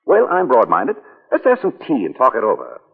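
An actor in a 1940s radio play voicing a charming, flippant husband who teases, hedges with uhs and laughs things off. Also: male voice, medium pitch, huge pitch swings, fairly quick, vocal fry, breathy edge, full character voice. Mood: teasing. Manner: teasing, hesitant with uhs, laughs easily. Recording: tinny old radio broadcast with reverb.

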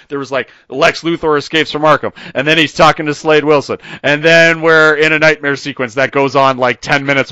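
A man's voice: mid-range voice, sharp tone, no room sound. A man hosting a podcast, ranting in casual chat and laughing often. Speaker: podcast host. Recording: dull lo-fi dry podcast mic.

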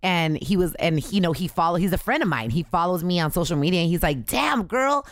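A woman's voice: on the low side, quick pace, dry recording, studio quality. A young woman, a podcast guest, talking candidly and bluntly in casual chat, with lots of swearing. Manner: candid, blunt and profane, animated.

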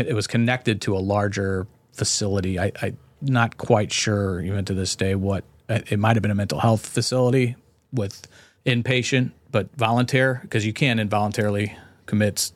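Blunt, profane man with a low voice. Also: fairly even intonation, normal speed, dry recording. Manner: profane, blunt, frequent restarts. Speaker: podcast guest. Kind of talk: candid conversational storytelling.

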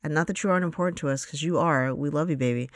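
A woman's voice: low-pitched, rapid-fire, no room sound, clean studio sound. Groggy, rambling woman podcast host. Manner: rambling, many fillers. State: groggy morning voice. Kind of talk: casual film chat.

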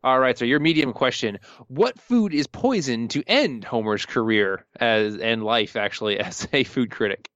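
A man's voice: mid-range voice, expressive, normal speed, hardly any pauses, a bit bright, dry recording, highs cut off. A man co-hosting a podcast in casual chat, easygoing and a bit hesitant when he recalls answers. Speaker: podcast co-host.

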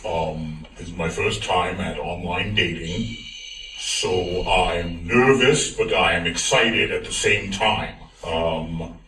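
An actor playing a nervous, awkward night shift supermarket manager who rambles, giggles and keeps apologizing. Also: male voice, lowish voice, fairly bright tone. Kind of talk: comedic web video monologue. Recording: echoey room played from far off, faint noise.

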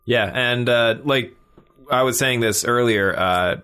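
A man co-hosting a casual gaming podcast, relaxed and a little hesitant. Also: mid-range voice, measured pace, clean tone. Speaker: podcast co-host.

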